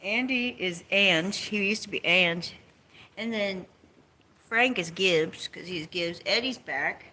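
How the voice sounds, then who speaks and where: A woman's voice: mid-range voice, slow pace, bright, forceful tone. A woman vlogging from home in a rambling casual chat, sarcastic and swearing, jumping between topics and mocking people in put-on quotes. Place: home, on couch or bed.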